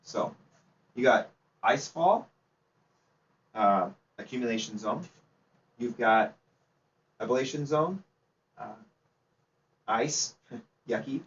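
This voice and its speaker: A man's voice: mid-range voice, animated, slow, pauses often. Man, chatty seminar presenter quizzing the room; distant, muffled room recording. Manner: chatty, asks the audience questions, laughs easily. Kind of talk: informal slide presentation to a club audience. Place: meeting room. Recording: distant, dull, faint background noise.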